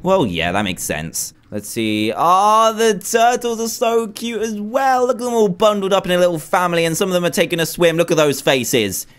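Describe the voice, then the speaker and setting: Gaming guy doing let's play commentary, lively bouncy voice, keeps gushing at stuff. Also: high voice, normal speed, hardly any pauses. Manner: excitable, gushing exclamations. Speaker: gaming video host.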